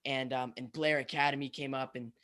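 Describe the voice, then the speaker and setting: A man's voice: mid-range voice, level tone, brisk, fairly bright tone. A young man co-hosting a casual podcast, telling stories loosely with many ums and likes. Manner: rambling storyteller, many fillers. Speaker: podcast co-host. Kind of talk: casual chat.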